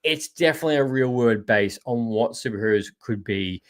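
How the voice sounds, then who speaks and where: A rambling, chatty Australian man hosts a live podcast in a casual, loose way. His voice sits at an ordinary middle pitch, and he keeps throwing in "mate" while he answers viewers. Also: a little fast. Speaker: podcast host. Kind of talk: casual live-stream chat reading viewer comments.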